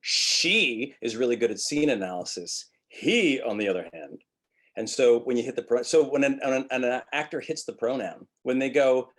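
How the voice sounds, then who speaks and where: A middle-aged man from Montreal teaches acting in a relaxed webinar lecture. His speech rises and falls in a very melodic way, and he breaks into little vocal demonstrations to make his points. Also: mid-range voice, moderate pace.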